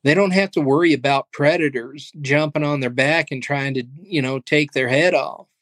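A pastor and guest in a casual interview, speaking in an earnest, faith-driven storytelling way. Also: male voice, fairly high pitch, moderate pace, a bit bright, no room sound. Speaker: pastor and ministry leader, guest.

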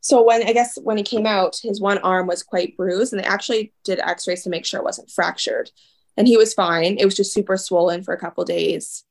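A young woman, a podcast guest, telling an emotional story in rushed, looping phrases full of "like" and quoted asides. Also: medium pitch, fairly even intonation, creaky.

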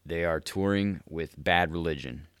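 A man's voice: low voice, normal speed, a bit bright, clear, resonant tone, dry recording. A young man hosting a podcast, telling a story in a loose, profane, laid-back way, full of "dude" and laughter. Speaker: podcast host. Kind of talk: casual podcast monologue.

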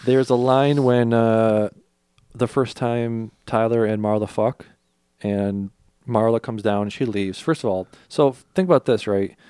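A man's voice: fairly low pitch, measured pace, dark tone, clear, resonant tone, no room sound, studio quality. A man hosting a podcast, casually retelling movie scenes with crude humor and acted-out lines. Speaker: podcast host.

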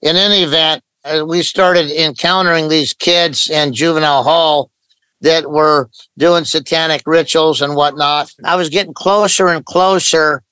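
An older man from Idaho, a pastor, calmly recounting a story as a guest on an interview podcast, with quoted dialogue woven in. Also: a little high, measured pace, clean tone, dry recording, low-quality recording. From Idaho, USA.

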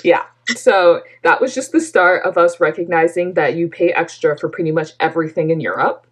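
Chatty young Canadian-born woman, low-pitched. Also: normal speed. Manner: chatty, lots of "like", laughs often. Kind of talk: casual chat.

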